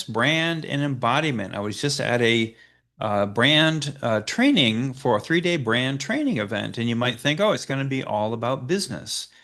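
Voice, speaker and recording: A man giving a slide presentation as a business coach, pausing often with "uh" and restarting phrases. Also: medium pitch, a bit bright. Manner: hesitant, frequent "uh" fillers and restarts.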